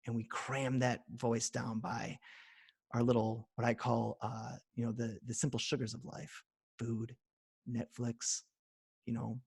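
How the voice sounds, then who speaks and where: Young guy teaching a live online class, acts out little dialogues, kinda high voice, dry close sound. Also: no echo. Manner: acts out both sides of an imagined dialogue, gets loud and emphatic. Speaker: speaker leading a live online workshop. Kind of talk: animated teaching talk. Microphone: video call.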